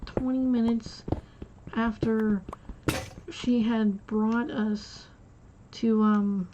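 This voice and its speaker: A woman's voice: fairly high pitch, level tone, very slow, mellow. A woman streamer telling a rambling personal story in casual chat, acting out the quotes of each person in it. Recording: dull lo-fi sound with faint noise.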